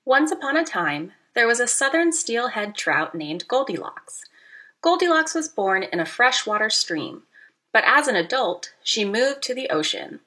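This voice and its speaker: A woman narrating a children's storybook aloud, expressive and playful, with teacherly asides to young listeners. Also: fairly high pitch, measured pace.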